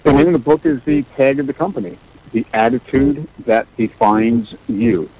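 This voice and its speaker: A middle-aged man speaking as a guest on a radio show. He talks in a laid-back, plain way, often in short answers, at an ordinary pitch for a man. The recording sounds dull and lo-fi. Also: moderate pace. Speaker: guest, entrepreneur. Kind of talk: radio interview.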